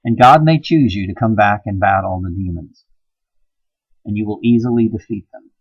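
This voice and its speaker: A man giving an impassioned, preachy monologue, swinging between hushed and loud emphasis. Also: fairly low pitch, normal speed, husky, dry recording, highs cut off. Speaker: video blogger.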